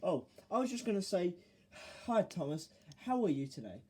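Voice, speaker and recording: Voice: mid-range voice, big pitch swings, moderate pace, darkish tone, husky, voice pushed up. A narrator voicing a meek, apologetic male engine.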